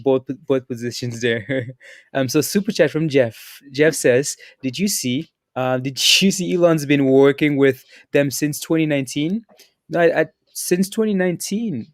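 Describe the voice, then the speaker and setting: A man's voice: mid-range voice, dry recording, studio quality. A man hosting a casual livestream who reads out viewer super chats, laughing often and stumbling over his words.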